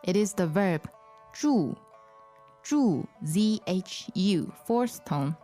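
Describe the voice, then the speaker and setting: A woman teaching a language lesson, repeating phrases slowly and patiently. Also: mid-range voice, expressive, mellow, faint music behind.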